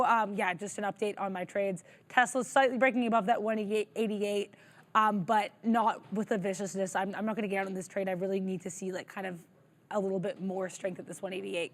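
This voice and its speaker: A woman co-hosting a live trading show, giving chatty, upbeat market commentary with many fillers and reading viewer messages aloud. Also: medium pitch.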